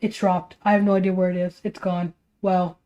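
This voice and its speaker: A woman's voice: lowish voice, flat delivery, brisk, mellow, highs cut off. A young woman streaming casual commentary while she draws, tired and exasperated, asking rhetorical questions as she rambles.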